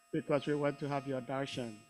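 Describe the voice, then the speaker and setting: A man's voice: mid-range voice, a little mellow, rough recording. A man moderating an online scripture class, politely thanking the speaker and inviting questions. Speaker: session moderator. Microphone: video call.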